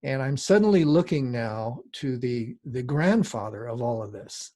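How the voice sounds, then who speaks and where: A man's voice: medium pitch, animated, unhurried, warm tone, dry recording, studio quality. A middle-aged man, a design teacher, lecturing in a rambling, conversational way with frequent asides. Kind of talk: lecture with casual storytelling.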